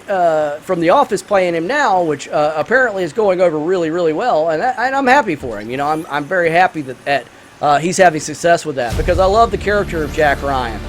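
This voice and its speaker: A man's voice: sits high, lively intonation, a little fast, slight background noise. A man hosting a gaming channel, giving rambling, enthusiastic let's-play commentary full of fillers while he reviews a film.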